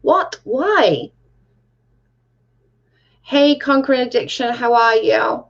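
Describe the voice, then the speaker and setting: A woman's voice: a little high, lively intonation, slow pace. A woman hosting a casual livestream and reading chat. She talks bluntly, swears freely and says "like" a lot. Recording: dull lo-fi sound.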